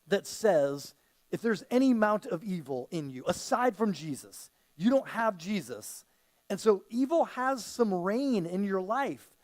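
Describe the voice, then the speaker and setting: Pastor, male, fairly high voice; loose, chatty sermon delivery that slips into quoted voices. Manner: conversational preaching that often acts out quoted voices.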